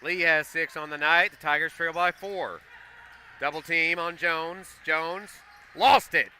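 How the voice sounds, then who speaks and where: A man calling a school basketball game play by play, getting excitable and loud on big plays. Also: fairly high pitch, a little slow, a little hiss or hum. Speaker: play-by-play commentator. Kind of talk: live basketball commentary. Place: school gym.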